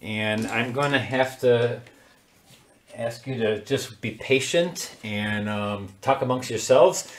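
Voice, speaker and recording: A man's voice: mid-range voice, slow. Chatty man teaching watercolor, echoey room. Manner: chatty, laughs often, talks while working. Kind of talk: casual live paint-along demonstration. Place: home studio.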